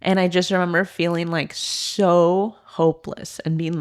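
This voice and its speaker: Woman, thirties, low register; podcast guest, candid storyteller, loose and earnest with lots of "like". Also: steady tone, a little slow, few pauses. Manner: earnest, heavy use of "like" fillers. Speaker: podcast guest, former elite swimmer and coach.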